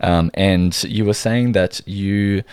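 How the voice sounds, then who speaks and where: A man's voice: sits low, steady tone, slow pace, a little mellow, clean tone, no room sound. A man with an Australian accent hosting a podcast interview, upbeat and chatty with some hesitations. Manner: upbeat, hesitant with fillers in chat. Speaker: podcast host.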